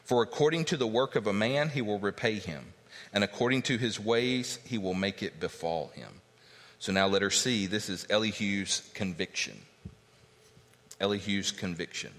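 A man delivers an expository sermon with a slightly low but bright, forceful voice. He teaches emphatically, circling back to repeat key points and reading scripture aloud. His voice rings with the long reverb of a large hall. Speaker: pastor.

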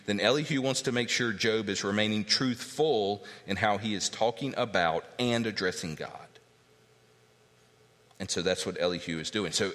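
A pastor teaching a verse-by-verse sermon, emphatic and repetitive, reading scripture aloud. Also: male voice, lowish voice, bright, forceful tone. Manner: emphatic teaching, repeats key points, reads scripture aloud. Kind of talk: expository sermon. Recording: long reverb of a large hall.

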